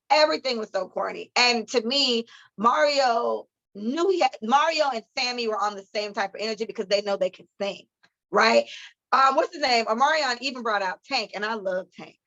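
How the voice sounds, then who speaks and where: A woman co-hosting a podcast, chatting casually with profane, animated storytelling. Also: on the high side, vocal fry, muffled recording. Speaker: podcast co-host. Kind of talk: casual chat.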